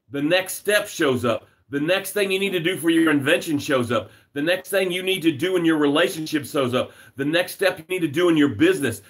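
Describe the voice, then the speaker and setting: A man's voice: on the high side, a bit bright. A man hosting a live motivational broadcast as a success coach, speaking emphatically in repeated phrases and reading viewer comments aloud. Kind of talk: motivational livestream talk. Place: home.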